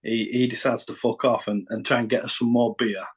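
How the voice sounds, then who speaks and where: Husky sweary Northern English man. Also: medium pitch, flat delivery, brisk, rough recording. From Northern England. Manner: sweary, rambling storyteller. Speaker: podcast guest, rapper. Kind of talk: casual anecdote telling.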